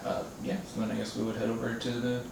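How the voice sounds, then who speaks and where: A man's voice: medium pitch, monotone, fast talker, gravelly, very echoey, background noise. Man playing a tabletop game, far off. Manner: playful and hesitant, in-character lines. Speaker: player.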